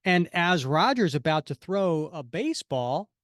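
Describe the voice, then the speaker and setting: A man's voice: on the high side, big pitch swings, unhurried, no echo, clean studio sound. A man co-hosting a comics podcast, reading the comic dialogue aloud with acted emphasis. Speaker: podcast co-host.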